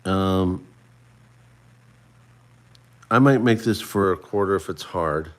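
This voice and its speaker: A man's voice: low voice, slow. A middle-aged man hosting a casual livestream, chatting and running a trivia quiz for viewers he addresses by name. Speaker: livestream host.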